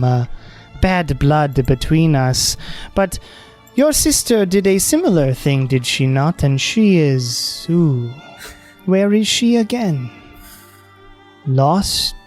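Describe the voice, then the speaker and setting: Man doing a tall fey noblewoman, calm, menacing, slow drawn-out threats, faint music behind. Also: a little high. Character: towering long-fingered fey woman, calm and menacing. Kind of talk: tabletop game role-play.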